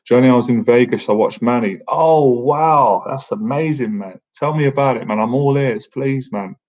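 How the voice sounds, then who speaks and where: A man's voice: medium pitch, normal speed, a little mellow. A man in his thirties hosting a casual live-stream Q&A, chatty and jokey, often tacking "man" onto his sentences. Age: 30s. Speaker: boxing coach and livestream host. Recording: dull lo-fi stream audio.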